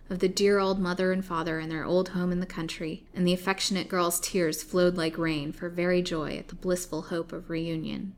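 A woman reading an old serialized novel aloud, expressive and dramatic. Her voice sits on the low side for a woman. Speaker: storyteller.

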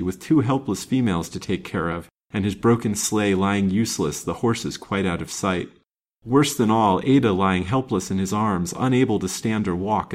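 Low-voiced man reading a classic novel. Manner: steady, measured reading. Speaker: storyteller.

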